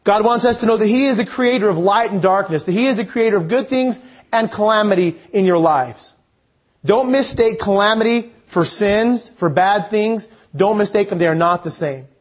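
Guy with a high voice giving a sermon, earnest, reads the verses slow. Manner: earnest, reads scripture slowly, asks the listeners questions. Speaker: preacher.

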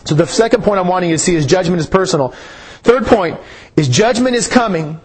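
Guy preaching a sermon, highish voice, slow and punchy, gets louder on the big lines. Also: animated, slightly rough. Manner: slow emphatic delivery, rises on key phrases. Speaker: pastor.

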